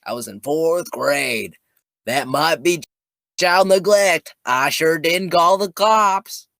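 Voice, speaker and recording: A man's voice: fairly high pitch, slow, creaky, fairly bright tone, dry recording, voice pushed up, exaggerated voice. A man doing a bold Southern country character with a drawl, dramatically telling a childhood story on a podcast. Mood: boastful, dramatic. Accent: Southern US, put on. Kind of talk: podcast comedy bit.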